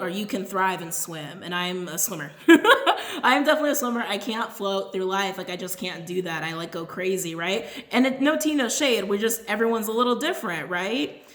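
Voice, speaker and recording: A woman's voice: medium pitch, echoey room. A woman giving a casual, rambling tarot reading to her viewers, often tagging her points with "right?". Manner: chatty and rambling, with frequent "right?" asides. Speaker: tarot reader.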